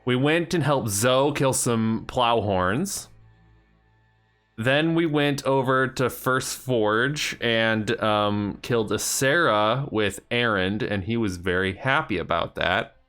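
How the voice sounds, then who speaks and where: A man's voice: medium pitch, slow, fairly bright tone, clear, resonant tone, soft background music. A man streaming a video game, casually recapping past progress and joking with his chat. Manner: rambling, jokey banter with chat.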